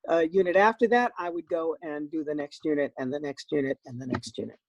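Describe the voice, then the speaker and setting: An older man recounts his career in a lively, self-deprecating way. His voice is gravelly with some fry and a husky edge. The sound is dry and close. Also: fairly high pitch, fast, dry recording, lo-fi sound. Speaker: guest voice actor. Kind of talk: casual interview chat.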